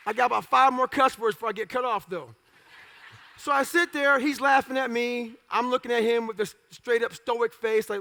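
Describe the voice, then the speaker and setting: A man telling his life story as a motivational speaker, blunt and profane in punchy short phrases, now and then bursting out loudly. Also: very high-pitched, moderate pace, gravelly, a faint crowd. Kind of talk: storytelling talk.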